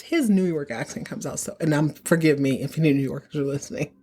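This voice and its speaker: A woman hosting a podcast, recapping episodes in a chatty, sassy way with quick asides. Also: sits low, a little mellow. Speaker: podcast host.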